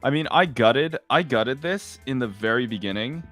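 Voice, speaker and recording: A man's voice: medium pitch, lively intonation, normal speed, a bit bright, no room sound, soft background music. Rambling man explaining a hobby. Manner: rambling, repeats himself while explaining. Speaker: hobby lockpicker on a live stream. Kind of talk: casual chat on a live stream. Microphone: remote guest link.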